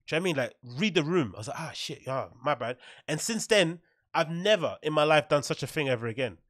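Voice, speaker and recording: Blunt, fast-talking man. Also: fairly high pitch, expressive, fairly bright tone, dry recording, studio quality. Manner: blunt, opinionated, peppered with "right?" and swearing. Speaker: podcast host. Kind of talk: casual commentary monologue.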